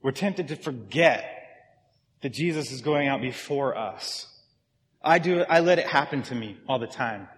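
A pastor delivers a sermon in a church, speaking conversationally and directly to his congregation. His mid-range voice is expressive and fairly bright, and he takes his time. The large church hall gives the recording a long reverb.

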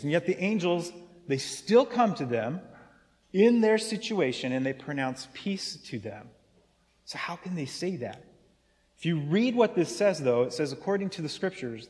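A man preaching in a church, with a voice pitched a little above the usual. He turns to his listeners with questions and repeats the phrases he wants to land. His voice carries a long reverb from the sanctuary. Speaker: pastor. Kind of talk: sermon.

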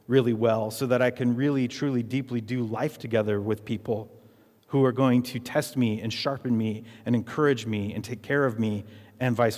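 A man's voice: mid-range voice, a little mellow. A man preaching a sermon as pastor, emphatic and repetitive, leading the congregation in call-and-response. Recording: reverberant hall.

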